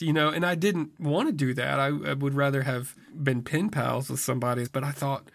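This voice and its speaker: A man's voice: medium pitch, moderate pace, gravelly. A man in his thirties telling a personal story in a wry, self-mocking, conversational way. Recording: music heard behind the voice. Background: music.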